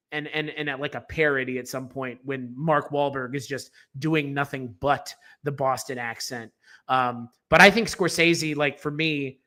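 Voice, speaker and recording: Guy cohosting a movie podcast, kinda high bright voice, super opinionated, rambles with lots of ums and likes. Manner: emphatic, opinionated, rambling with fillers and restarts. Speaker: film podcast co-host. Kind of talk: casual opinionated film discussion.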